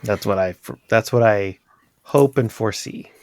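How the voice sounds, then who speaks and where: A man's voice: fairly low pitch, a little slow, dry recording. A man chatting casually with castmates in a group recap, laughing often and restarting sentences.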